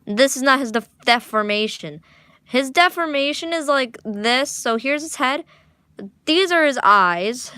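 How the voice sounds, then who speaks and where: A young woman art vlogger chats while drawing in her home living room, rambling, restarting frequently, and teasing herself. Her high-pitched, animated voice is pushed, bright, and smooth, at a measured pace with no echo.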